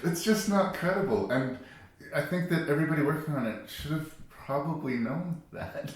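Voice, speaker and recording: A man's voice: fairly high pitch, normal speed. A man chatting casually on a film podcast, blunt and wry, often mocking what others say. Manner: wry, blunt, mock-quotes people in voices. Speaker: podcast co-host. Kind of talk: casual film review chat. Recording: very echoey room.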